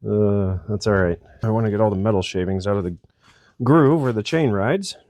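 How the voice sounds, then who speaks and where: Man, middle-aged, lowish voice, casual workshop chatter, rambling, self-deprecating. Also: moderate pace, a little mellow, no echo. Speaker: channel host repairing a chainsaw.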